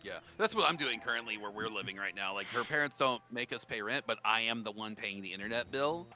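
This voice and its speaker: A man's voice: lowish voice, a little fast, pushed and bright, slight background noise. A man from the United States chatting on a stream, heated and ranting, swearing often. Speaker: streamer guest. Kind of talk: casual chat.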